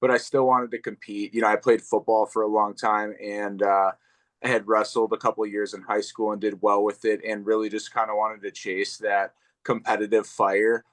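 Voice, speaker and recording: Young male fighter guest, relaxed and rambling, slightly low voice. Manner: laid-back, rambling, drawn-out fillers. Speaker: professional MMA fighter, guest. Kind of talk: casual interview.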